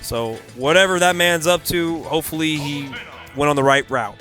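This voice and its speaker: Animated slangy young male commentator. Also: fairly high pitch, moderate pace. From California Bay Area. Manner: animated, slangy, laughing storyteller. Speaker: tournament commentator. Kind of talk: casual storytelling commentary. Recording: faint music behind.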